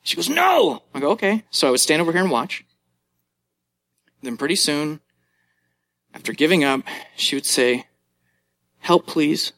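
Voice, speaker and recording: Male pastor, 30s, sermon voice, on the higher side, easygoing storytelling. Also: moderate pace, long pauses, a bit bright. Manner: conversational preaching with anecdotes.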